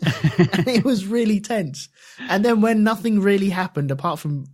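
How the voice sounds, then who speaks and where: Lively man on a podcast. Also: sits high, moderate pace. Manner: animated storytelling with put-on voices. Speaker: podcast co-host. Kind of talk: casual chat.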